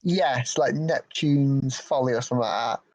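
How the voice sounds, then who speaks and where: A man's voice: medium pitch, moderate pace, darkish tone, no room sound. A man co-hosting a podcast, making blunt, dismissive remarks about a movie in casual chat. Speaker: podcast co-host. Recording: audio with cuts.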